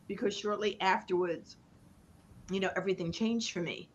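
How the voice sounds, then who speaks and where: A woman business coach speaking as a guest on a live online panel, giving a motivational talk with emphatic, chant-like repetition and dramatic pauses. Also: mid-range voice.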